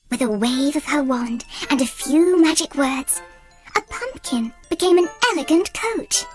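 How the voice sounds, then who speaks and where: Slow, expressive woman reading a fairy tale. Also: sits high. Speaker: storyteller. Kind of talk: children's read-aloud narration. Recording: soft music bed under voice.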